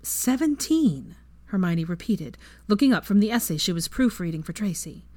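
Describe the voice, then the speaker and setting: A woman's voice: lowish voice, fairly quick. A woman narrating a fan fiction story as its reader. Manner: expressive storytelling. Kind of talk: scripted narration.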